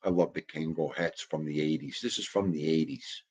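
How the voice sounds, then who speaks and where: A man's voice: very deep voice, steady tone, moderate pace, breathy edge. A man, chatting casually and jokingly in a rambling way while talking to his dog. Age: 50s. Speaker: vlogger. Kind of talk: casual chat.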